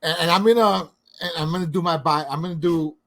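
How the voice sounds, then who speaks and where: Blunt, profane podcast co-host. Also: male voice, on the high side, fast talker, fairly bright tone. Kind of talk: casual movie review chat.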